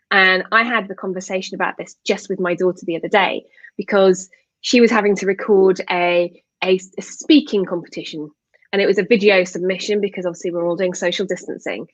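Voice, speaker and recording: A woman host talks casually on a slightly muffled video call line, with a dry, close sound and no room echo. She chats easily and keeps nodding along with her guest. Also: mid-range voice. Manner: chatty, affirming with frequent mm-hmms. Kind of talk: casual live interview chat.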